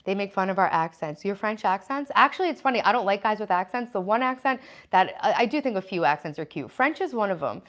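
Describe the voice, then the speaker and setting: A woman's voice: medium pitch, expressive, fast talker, fairly bright tone. Chatty woman hosting a livestream. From United States. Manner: chatty, reads viewer comments aloud and answers them. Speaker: livestream host. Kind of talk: casual livestream chat.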